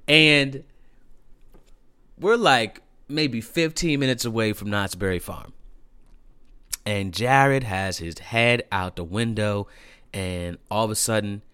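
Animated young man telling a story. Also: lowish voice, slow pace, long pauses, clean tone, no echo. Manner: animated, profane, laughing, lots of fillers. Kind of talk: casual storytime.

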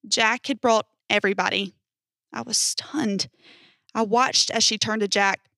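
A young woman hosting a podcast, narrating a first-person horror story in an even storytelling voice. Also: medium pitch, unhurried, gravelly, no echo, studio quality. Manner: even storytelling, hesitant um in sign-off.

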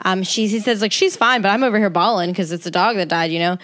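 A woman who works as a teacher, retelling a story on a podcast in a lively way with laughter. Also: mid-range voice, fast. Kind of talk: casual chat.

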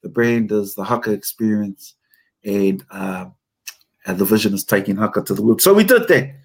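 Animated New Zealand man telling stories. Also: lowish voice, moderate pace, slightly rough. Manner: animated, emphatic storyteller. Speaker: haka teacher and company founder. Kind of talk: casual interview storytelling.

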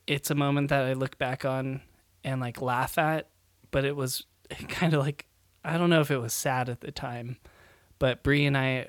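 A man's voice: medium pitch, a bit bright, no echo, clean studio sound. A young man and new father, co-hosting a podcast in casual chat, rambling with lots of fillers and laughs as he tells stories. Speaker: podcast co-host.

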